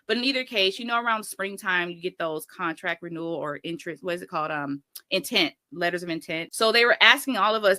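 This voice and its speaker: Bright, rambling woman teacher. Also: on the low side, animated, brisk, hardly any pauses, no room sound. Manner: rambling, with self-corrections. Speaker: teacher and guest. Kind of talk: casual storytelling interview.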